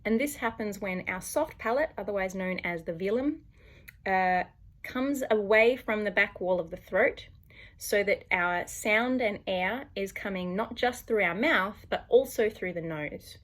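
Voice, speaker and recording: A woman's voice: medium pitch, unhurried, fairly bright tone. A woman, a voice coach explaining singing technique to camera and demonstrating sounds as she goes.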